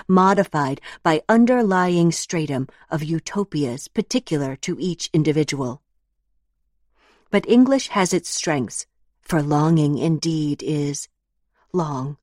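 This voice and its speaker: A woman narrating a literary story in measured, lyrical, reflective phrasing. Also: sits low, a little mellow, no echo, clean studio sound.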